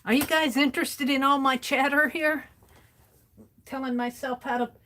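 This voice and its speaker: A woman's voice: high-pitched, steady tone, moderate pace, pushed and bright, slight background noise. A woman streaming her art journaling, chatting casually and talking to herself as she works. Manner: talks to herself, rambling and self-amused. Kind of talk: casual chatter while crafting.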